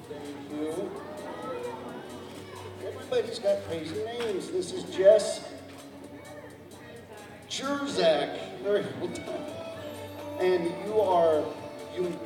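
A man's voice: high voice, slow pace, long pauses. A man emceeing a cosplay contest live, joking and stumbling over contestants' names as he asks the crowd for help. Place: large convention hall. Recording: echoey hall, mic from far off, music and crowd behind. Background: music and a cheering crowd.

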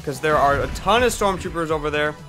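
A man's voice: on the high side, animated, over music. A young man giving hyped, exclamatory commentary over his own gameplay as a gaming video host. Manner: hyped, exclamatory, quick asides. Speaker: gaming YouTuber.

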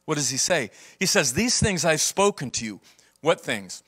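A man pastor preaching a sermon, swinging from loud emphasis to hushed, quiet delivery. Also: on the high side, big pitch swings, moderate pace, breathy edge.

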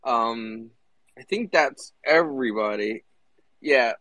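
A man's voice: mid-range voice, slow, fairly bright tone, no room sound, rough recording. A man hosting an online audio call, talking loosely with restarts and slang. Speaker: host.

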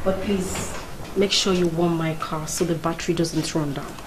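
An actress with a Nigerian accent playing an affectionate wife saying goodbye before a trip. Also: female voice, fairly low pitch, fairly even intonation, normal speed, background noise, natural voice. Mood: tender.

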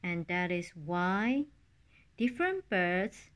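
A woman reading a children's story aloud in a calm, unhurried storybook manner. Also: on the low side, clear, resonant tone.

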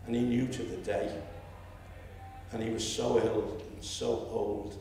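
A man in his seventies with a Liverpool accent, telling a story at a public meeting and rising to loud indignation. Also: fairly low pitch, level tone, measured pace, slight background noise. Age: 70s. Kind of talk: impassioned public speech. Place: lecture hall. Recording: echoey hall, distant mic.

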